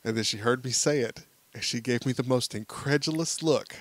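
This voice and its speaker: Speaking at a normal pace with a medium-pitched voice and no echo, this thirtysomething podcast co-host chats casually while recounting a family tale. He brings it to life by animatedly acting out each quoted voice.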